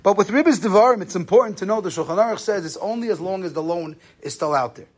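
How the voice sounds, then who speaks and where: A man's voice: high voice, animated, quick pace. A man giving a conversational Torah lesson on Jewish law, telling stories and using Yiddish and Hebrew terms. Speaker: rabbi lecturer.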